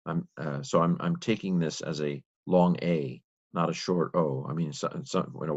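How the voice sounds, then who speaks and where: A man teaching, reading a text aloud letter by letter and thinking aloud in a slow, halting way. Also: extremely low pitch, fairly even intonation, slightly rough, highs cut off.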